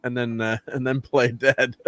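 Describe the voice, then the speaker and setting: A man's voice: mid-range voice, level tone, unhurried, fairly bright tone, no echo. A man hosting a casual film review chat, rambling with lots of fillers and restarts and laughing often. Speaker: channel host, film reviewer.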